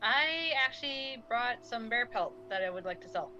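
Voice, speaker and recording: A woman's voice: a little high, expressive, moderate pace, sharp tone, lo-fi sound, a little hiss or hum. A woman playing a tabletop game, speaking in a plain, matter-of-fact way for her character. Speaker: player.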